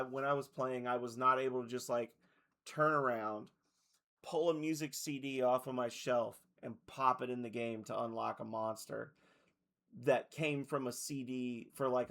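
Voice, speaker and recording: A man's voice: medium pitch, creaky, fairly bright tone. A man streaming video games, chatting casually to his viewers and rambling with lots of "like" as he loses his voice. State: losing his voice. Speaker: game streamer.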